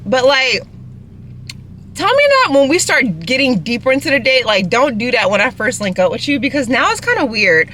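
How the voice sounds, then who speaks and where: A young woman rambles in a loose, chatty vlog while eating in her car. Her voice is bright and forward, with faint vehicle hum behind her. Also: on the high side. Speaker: vlogger. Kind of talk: casual rambling chat. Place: inside a parked car.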